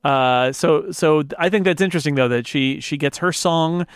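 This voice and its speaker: A man with a slightly high voice hosts a podcast at normal speed, reading an ad and chatting loosely about a film. The studio-quality recording has a clean tone and no room sound.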